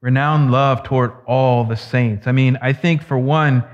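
A man preaching a sermon as pastor, earnest and slowing down to stress key words. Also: medium pitch, fairly even intonation. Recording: echoey hall, dull lo-fi sound.

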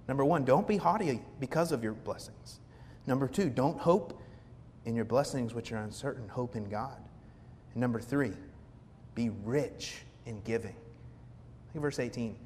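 A man, a pastor, giving a conversational, animated sermon in a church hall. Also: medium pitch, a little hiss or hum. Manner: conversational, animated preaching with quoted asides. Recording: reverberant hall with faint ambience.

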